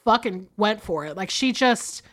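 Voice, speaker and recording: A woman in her thirties co-hosting a casual movie podcast, animated and profane, laughing often. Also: medium pitch, moderate pace. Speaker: podcast co-host.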